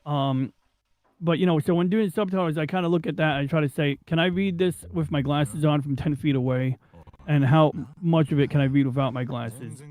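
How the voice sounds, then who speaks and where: New guy hosting a chill podcast, rambles off topic, swears a lot, voice sits a bit high. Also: brisk, darkish tone, no room sound, poor audio. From New York. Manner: rambling, digressive, swears freely, many fillers. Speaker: podcast host. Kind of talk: casual rambling chat.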